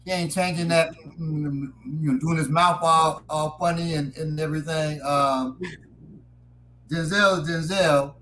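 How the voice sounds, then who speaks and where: A man's voice: fairly high pitch, steady tone, unhurried, sharp tone, slight background noise, poor audio. A man in casual podcast banter, joking with frequent stumbling restarts.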